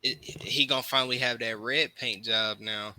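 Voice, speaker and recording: A man's voice: mid-range voice, fairly even intonation, normal speed, crowd noise, rough recording. A young man on a podcast panel, chatting casually and easily about a movie.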